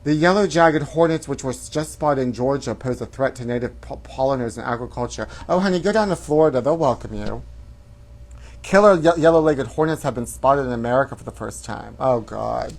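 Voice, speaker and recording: Brief: male gossip host, campy and theatrical, middle-pitched voice, dishes tabloid news with sass. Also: a little fast, creaky. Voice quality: flamboyant, theatrical, calls viewers honey. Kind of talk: campy celebrity gossip commentary.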